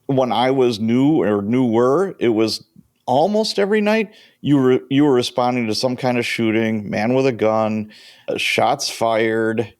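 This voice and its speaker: A man in his fifties spins stories from his years on the job as an interview guest. His voice sits at an ordinary pitch and is recorded close and dry, with no room around it. He talks with lively, anecdotal energy and chuckles often. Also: a little slow, no room sound. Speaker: guest, retired police sergeant. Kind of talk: casual interview storytelling.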